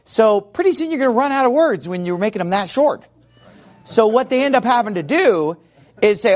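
A man teaching an informal class in a chatty, animated way. His voice sits high and swoops freely up and down as he imitates sounds. The delivery is loose and conversational. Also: normal speed. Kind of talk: informal lecture. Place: Arizona.

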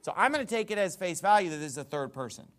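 Animated, slightly high male preacher. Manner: emphatic preaching with frequent "okay?" and "right?" tags; repeats and restarts words in quick bursts. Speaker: pastor. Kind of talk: sermon.

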